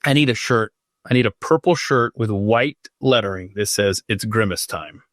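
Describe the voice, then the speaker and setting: A man's voice: medium pitch, moderate pace, no echo. Man hosting a casual podcast, rambling and self-mocking, dry close sound, mid-range voice. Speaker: podcast host. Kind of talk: unscripted casual chat.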